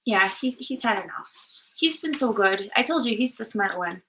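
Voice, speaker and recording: A woman's voice: medium pitch, expressive, moderate pace, bright, forceful tone, slight background noise, poor audio. A woman hosting a casual livestream, reading viewer questions and teasing her co-host playfully.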